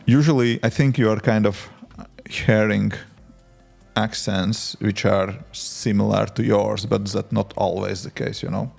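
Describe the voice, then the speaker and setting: A man's voice: on the low side, fairly even intonation, unhurried, vocal fry, a little mellow, soft background music. A man, an app developer chatting casually on a live stream while he codes and talks to his viewers and his tools. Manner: thinks aloud, talks to chat and to his tools.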